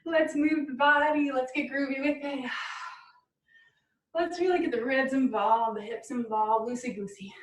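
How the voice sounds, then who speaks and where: A woman's voice: high voice, fairly even intonation, a little slow, reverberant, far from the mic, slight background noise, poor audio. A woman fitness instructor leading an online cool-down and stretch class, encouraging and upbeat, laughing often. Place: room at home on a video call.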